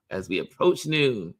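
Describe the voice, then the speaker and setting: Chatty man with a lively, sing-song voice. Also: mid-range voice. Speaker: host of a daily live stream. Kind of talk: casual live chat reading viewer comments. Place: New York.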